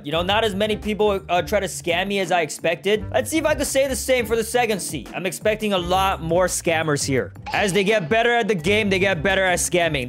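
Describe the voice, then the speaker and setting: A young man giving playful gameplay commentary, laughing often and teasing other players. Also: sits high. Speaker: gaming YouTuber.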